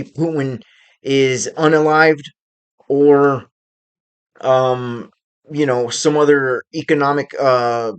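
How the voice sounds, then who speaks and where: A man at an ordinary middle pitch hosts his own commentary video. He speaks off the cuff about current events and often stops to search for the next word. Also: clear, resonant tone. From United States. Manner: unscripted, pausing often to find words. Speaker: channel host.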